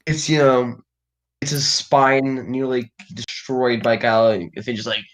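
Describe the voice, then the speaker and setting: Young man, sarcastic, laid-back, swears casually, mid-pitched voice. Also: little pitch movement, a little slow, a bit bright. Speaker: co-host reacting to a video. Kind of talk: casual riffing commentary.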